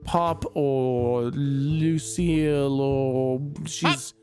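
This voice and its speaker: A man's voice: mid-range voice, fairly even intonation, very slow, darkish tone, soft background music. A man voicing a nervous, stammering male official with a monocle in a tabletop game. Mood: wary. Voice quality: stammering, flustered.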